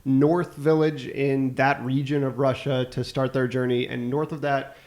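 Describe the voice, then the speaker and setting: A man's voice: mid-range voice, flat delivery, measured pace, darkish tone. A man co-hosting a comedy podcast who tells a history story in a rambling, jokey way and laughs between his own lines. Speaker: podcast co-host, history presenter.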